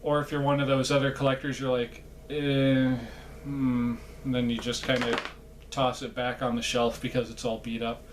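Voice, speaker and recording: A man talking straight to camera in a loose, rambling vlog, full of fillers and self-mocking asides. His pitch sits in a plain middle range. Faint noise hums under the recording. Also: little pitch movement, brisk. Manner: rambling, chatty, self-deprecating, many fillers. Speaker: vlogger.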